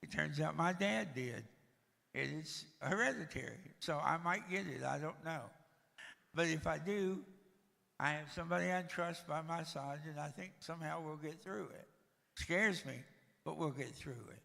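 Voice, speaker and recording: A man's voice: a little high, normal speed, gravelly, pushed and bright, in a large hall. An older man giving a storytelling talk at a church, with a dry, joking manner. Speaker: guest speaker.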